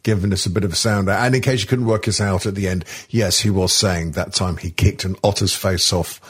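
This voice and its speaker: A man co-hosting a comedy podcast, talking in a halting way with lots of ums, restarts and swearing. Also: low-pitched, steady tone, slightly rough. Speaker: podcast co-host. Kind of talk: casual comedy chat.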